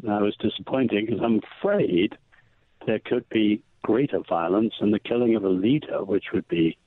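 A man being interviewed, arguing in a measured, emphatic way about politics. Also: fairly low pitch, dry recording. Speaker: guest. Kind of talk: political conversation. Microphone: phone line. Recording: tinny phone line, dry.

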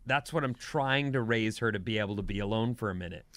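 A man's voice: fairly low pitch, fast, a bit bright, dry recording. Conversational male radio host, dry sound. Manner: conversational, self-interrupting. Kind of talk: casual radio chat.

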